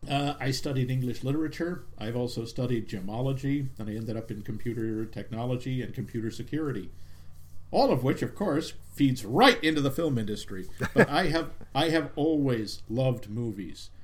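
A man's voice: medium pitch, lively intonation. Jokey man co-hosting a movie podcast. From greater Boston area. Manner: jokey, self-deprecating, quick with puns and references. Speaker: podcast co-host. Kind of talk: casual chat.

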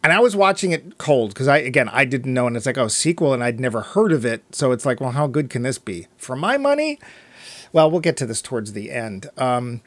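A man co-hosting a casual podcast about a film, chatting and retelling its scenes in quick quoted asides. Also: medium pitch, big pitch swings, fairly bright tone, no echo. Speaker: podcast co-host.

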